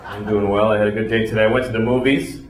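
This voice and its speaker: A man's voice: lowish voice, steady tone, fast talker. A man doing a stand-up comedy routine in a dry, mock-innocent, profane manner before a live audience. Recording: roomy club recording with audience laughter.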